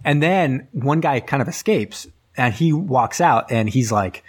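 Man, podcast host, casual movie recap, rambling, mid pitch. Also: lively intonation, a little slow, slightly rough. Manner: rambling, filler-heavy storytelling.

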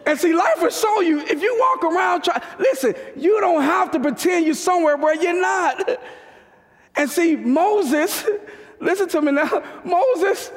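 A man preaching a sermon, swinging between fervent shouts and quiet asides as he talks straight to the congregation and laughs often. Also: very high voice, animated, a little slow, in a large hall. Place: church.

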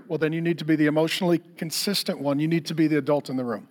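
A man's voice: fairly high pitch, quick pace. A man preaching a conversational sermon, telling stories and acting out the lines of the people in them. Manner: conversational, storytelling with acted-out quotes. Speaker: pastor.

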